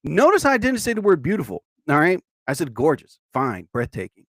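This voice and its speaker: A man hosts a live stream in a loose, joking way, talking straight to his viewers. His voice sits fairly high and swings widely in pitch, and bursts into shouted catchphrases. The sound is dry and close to the mic. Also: a little fast, dry recording. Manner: animated, jokey, talks to chat, shouts catchphrases. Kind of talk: casual live stream chat.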